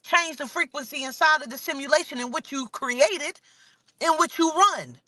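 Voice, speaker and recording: There's no room sound as a woman vlogs about spirituality in a bright, forceful voice at a moderate pace. Her monologue is heated, crude and preachy, full of emphatic repetition, and she lowers to a mutter when saying she's getting angry.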